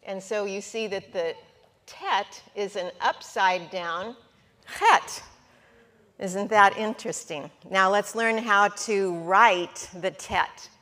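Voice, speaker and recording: Woman, teacher at a board, slow deliberate pace, bright tone, patient, asks the class questions. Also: mid-range voice. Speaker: Hebrew teacher. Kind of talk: classroom lesson at a whiteboard.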